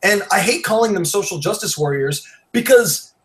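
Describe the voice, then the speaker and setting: A man hosting a casual podcast chat, wired on coffee, rushed and rambling, blunt and profane. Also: high-pitched, lively intonation, a bit bright. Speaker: podcast host.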